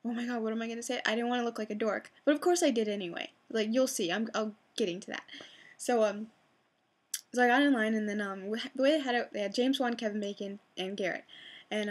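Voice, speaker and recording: Chatty excitable young woman. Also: on the high side, a little fast. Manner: chatty, excitable, many fillers and restarts. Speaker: vlogger. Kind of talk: casual fan storytelling.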